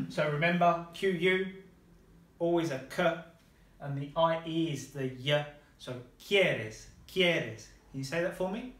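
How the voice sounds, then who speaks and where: A man's voice: on the high side, unhurried, a bit bright, roomy sound. A man teaching a lesson, patiently modelling phrases and praising his student's answers. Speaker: language teacher.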